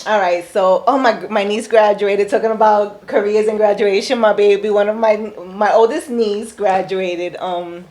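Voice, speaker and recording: A woman's voice: medium pitch, steady tone, normal speed, hardly any pauses, darkish tone. Chatty woman podcast co-host. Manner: chatty, storytelling, mixes Spanish words. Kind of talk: casual chat.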